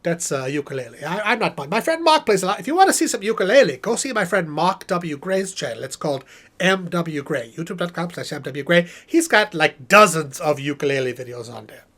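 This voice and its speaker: In a full character voice, fairly high and brisk, a man plays a pompous puppet professor running a live stream Q&A. He's chatty, theatrical and animated, wandering into rambling asides while breathless and worn out.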